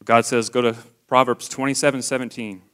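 A man's voice: mid-range voice, flat delivery, a little fast, fairly bright tone, clean tone. Guy in his 40s sharing a testimony at church, mid voice, earnest and real, chatty. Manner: earnest, candid, conversational. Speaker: lay church speaker. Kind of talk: personal testimony sermon.

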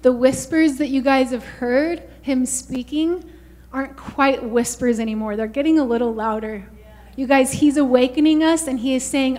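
A woman's voice: high-pitched, normal speed, darkish tone. A woman preaching a fervent sermon, often saying "you guys" and "hallelujah" to the congregation.

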